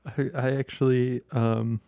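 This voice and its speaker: A young man hosting a casual chat, laid-back, laughing often and pausing on fillers. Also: mid-range voice, flat delivery, mellow, no room sound. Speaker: host.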